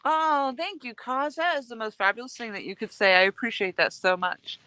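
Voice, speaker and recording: A woman's voice: on the high side, brisk, sharp tone, no room sound. A woman hosting a casual live stream outdoors while fishing, chatting and thanking viewers by name. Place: outdoors, fishing in freezing cold.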